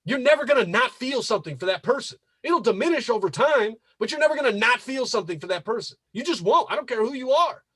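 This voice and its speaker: A man with a high, breathy-edged voice that swoops up and down as he rants on a casual podcast. He hammers his points home with repetition and swearing. The sound is dry, with no room around it. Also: lively intonation, quick pace, hardly any pauses, a bit bright, dry recording. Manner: emphatic, repetitive, profane. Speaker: podcast host.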